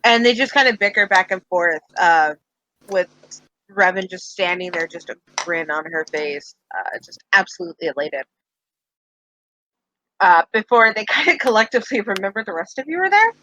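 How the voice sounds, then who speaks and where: A woman narrating as game master of a tabletop game, relaxed, with lots of fillers. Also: medium pitch, moderate pace, slight background noise, low-quality recording. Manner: relaxed, with many fillers and "kinda".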